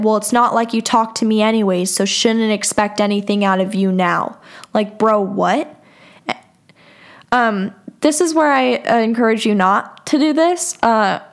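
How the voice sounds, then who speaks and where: A woman's voice: mid-range voice, creaky. A young woman hosting a podcast, candidly recounting a bad relationship and reading out old text messages in a frank, profane, exasperated way. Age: young adult. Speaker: podcast host. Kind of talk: personal storytelling, reading out old texts.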